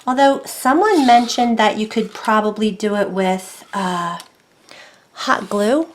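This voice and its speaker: A woman's voice: mid-range voice, slow, slight background noise. A woman narrating a casual craft tutorial from her desk at home, chatty and self-deprecating, thinking aloud as she works.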